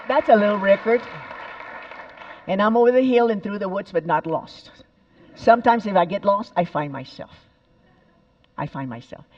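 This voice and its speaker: A woman's voice: fairly low pitch, a little mellow, lo-fi sound. A woman in her seventies, from El Paso, giving a storytelling talk and repeating phrases for emphasis. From El Paso, Texas. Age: 70s.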